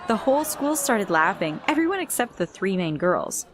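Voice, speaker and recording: A woman's voice: medium pitch, big pitch swings, moderate pace, slight background noise. A young woman giving a dramatic first-person storytime narration. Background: faint music.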